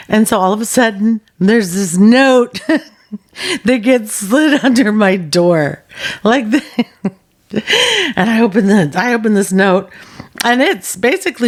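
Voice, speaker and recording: A woman host telling a personal story in a lively, animated way, acting out the quotes and laughing often. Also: medium pitch, unhurried.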